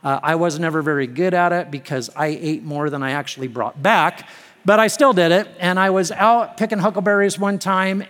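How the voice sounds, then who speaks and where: A man's voice: fairly high pitch, a bit bright. A man preaching a sermon, telling a personal story with humorous asides and building to emphatic declarations. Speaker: pastor. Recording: long hall reverb.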